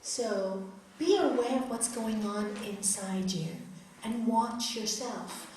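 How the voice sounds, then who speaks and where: A woman's voice: fairly high pitch, takes it slowly. Earnest woman teaching in an echoey hall. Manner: earnest, expressive, acts out quotes. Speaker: raja yoga teacher. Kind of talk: spiritual talk to an audience. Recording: echoey hall, distant mic, faint noise.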